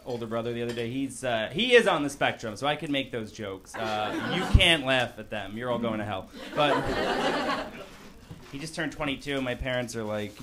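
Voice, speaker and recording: A young man doing a stand-up set on a comedy club stage, working the crowd with deadpan asides. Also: mid-range voice. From Long Island, New York. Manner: crowd-work, deadpan asides, quick self-corrections. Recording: loud background noise in live club.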